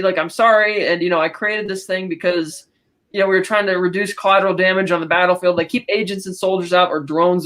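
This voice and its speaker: A woman co-hosting a podcast, casually recapping a film and quoting characters in quick asides. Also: fairly low pitch, fairly bright tone. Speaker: podcast co-host.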